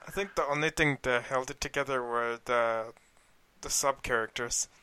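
Male co-host, easygoing sidekick, very bright tense tone, casual chat. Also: medium pitch, normal speed, clear, resonant tone. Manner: laid-back, agreeing, laughs often. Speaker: podcast co-host.

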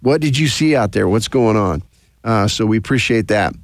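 A man hosting a weekly high school football radio show from a studio, chatting casually with lots of fillers. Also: lively intonation, normal speed, no room sound. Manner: easygoing, rambling with many fillers. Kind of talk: casual sports radio chat.

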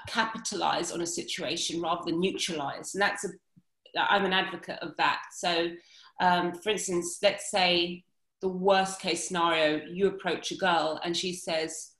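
An animated woman talks in a casual podcast conversation, a dating coach explaining her approach. She jumps in with quick asides and restarts her sentences often. The room around her sounds roomy and echoey. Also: lowish voice.

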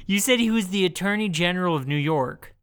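A man's voice: high-pitched, animated, normal speed, fairly bright tone, clean tone. A man co-hosting a casual podcast chat, laughing often and playfully prodding his co-host.

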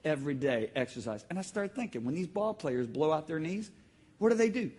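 A male preacher delivering a sermon to a live congregation, swinging between quiet storytelling and sudden shouts. His voice is slightly high and husky, with a lively, sweeping pitch. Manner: animated storytelling, sudden shouts and emphatic drawn-out phrases. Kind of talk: sermon with audience call-and-response. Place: church hall with live congregation.

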